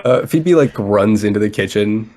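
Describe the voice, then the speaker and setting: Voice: mid-range voice, expressive, moderate pace, darkish tone. A player describing their character in a tabletop game, easygoing and a little hesitant. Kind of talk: tabletop role-play.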